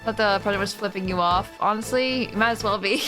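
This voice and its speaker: A woman's voice: mid-range voice, fast. A woman streamer giving chatty live commentary while playing a game, laughing and talking to her chat. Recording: game music behind voice.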